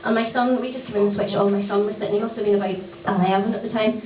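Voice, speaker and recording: A woman's voice: mid-range voice, steady tone, racing. Brash, swearing Northern Irish woman comic. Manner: brash, chatty, swears freely, often laughing. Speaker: stand-up comedian. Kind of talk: stand-up comedy set. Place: small comedy club stage. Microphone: handheld stage mic. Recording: tinny, distant, echoey club recording.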